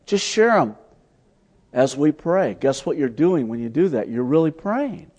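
A man preaching a sermon, telling stories as he teaches, swinging from loud emphatic lines to soft, hushed ones. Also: a little high, very animated, a little slow, husky. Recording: long hall reverb.

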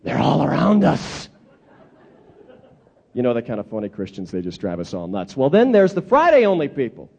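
A man's voice: mid-range voice, moderate pace, gravelly, husky. A man preaching a sermon, telling stories with dramatic repetition. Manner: animated storytelling with dramatic repetition. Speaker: pastor. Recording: dull lo-fi recording.

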